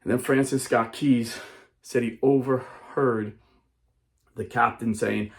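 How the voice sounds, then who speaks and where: A man telling a story to a crowd in an emphatic, dramatic way. His voice sits at an ordinary middle pitch. He jumps into the characters' lines as he tells it. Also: steady tone, moderate pace. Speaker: speaker.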